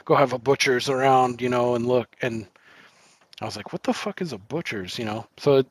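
A man's voice: medium pitch, a little fast, breathy edge, dry recording. Man, podcast co-host, casual rambling chat, profane, filler-heavy, dry mic.

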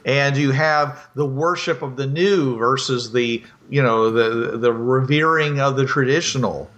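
Guy on a podcast making his point hard, middle pitch voice. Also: measured pace, fairly bright tone, muffled recording. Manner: emphatic, explaining. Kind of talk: casual panel chat.

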